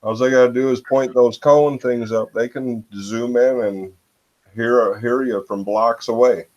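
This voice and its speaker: A man's voice: mid-range voice, steady tone, unhurried, a little mellow, highs cut off. A man from Michigan hosting a casual chat over a video call, musing and hesitant, often trailing off with "I don't know.".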